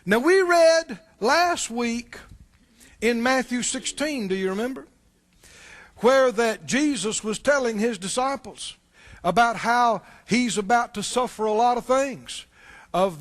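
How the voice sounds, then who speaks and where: A male pastor giving a sermon in a conversational way, often asking the congregation questions and repeating words as he restarts. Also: extremely high pitch.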